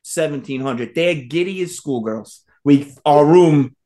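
A man with a slightly raised pitch tells a story in a relaxed chat. He is animated, acts out what people said and laughs often. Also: unhurried. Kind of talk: casual storytelling.

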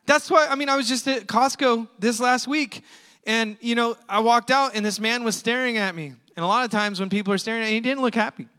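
High bright-voiced preaching man. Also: smooth, big-room sound. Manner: casual, conversational, emphatic with quick asides. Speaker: pastor. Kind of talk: storytelling sermon.

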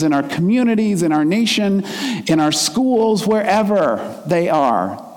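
A man's voice: high-pitched, darkish tone, long reverb tail. A man delivering a sermon in an earnest, reflective way, his emphasis rising and falling as he makes his points. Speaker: minister.

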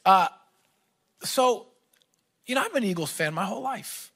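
A male pastor telling a humorous story to his congregation during a sermon, animated and self-mocking. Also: sits high, slow, long pauses. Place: church with live audience.

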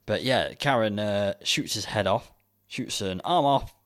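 A man's voice: on the low side, a little slow, fairly bright tone. A man co-hosting a podcast, casually retelling a film plot and joking around. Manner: jokey, breaks into silly impressions. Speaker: podcast co-host.

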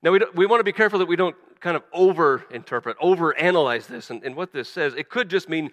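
A man preaching a sermon as a pastor, animated, acting out quoted voices, often stumbling and restarting. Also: a little high, fast, few pauses, long reverb tail.

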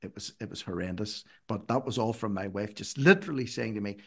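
A middle-aged man, a podcast guest telling stories in an earnest, emphatic way that climbs high when he urges. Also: brisk, a bit bright. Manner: earnest, emphatic, rises sharply when urging. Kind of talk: conversational storytelling.

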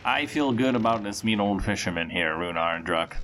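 A man's voice: lowish voice, lively intonation, fairly quick, fairly bright tone, slight background noise. A man playing a tabletop game, joking and teasing the others. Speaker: player.

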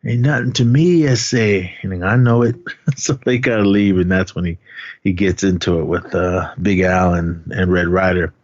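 Man, low voice, casual movie recap, dull dry podcast sound. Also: steady tone, normal speed, dry recording. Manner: retells scenes, quoting characters in pitched-up voices, laughs often. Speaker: podcast co-host.

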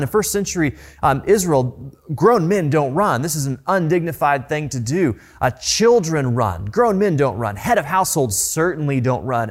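A man preaching a sermon in a conversational tone, telling the story in a lively way. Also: on the high side. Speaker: pastor.

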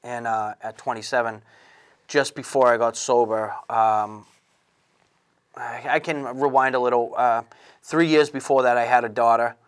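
A man in his thirties telling his own recovery story in an earnest, halting way, with frequent restarts and fillers. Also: mid-range voice, fairly even intonation, smooth. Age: 30s. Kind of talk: candid personal testimony.

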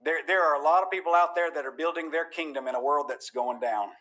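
A man from Georgia, USA, preaches a sermon in a fairly high, fairly bright voice at a quick pace. He's fervent and folksy, cracking jokes one moment and thundering the next.

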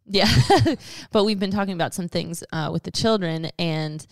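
A woman's voice: on the low side, moderate pace, no echo, studio quality. A woman in her thirties co-hosting a faith podcast, talking earnestly in a rambling way with fillers and frequent laughter. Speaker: co-host.

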